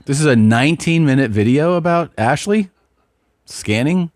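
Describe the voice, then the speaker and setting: A man's voice: on the high side, expressive, normal speed, a little mellow, dry recording. A man co-hosting a podcast with dry, incredulous commentary and casual chat. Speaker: podcast host.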